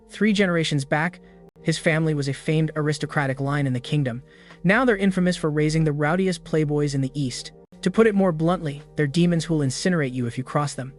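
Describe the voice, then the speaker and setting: A man narrating a fantasy story in first person, in a steady scripted recap style. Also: on the high side. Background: background music.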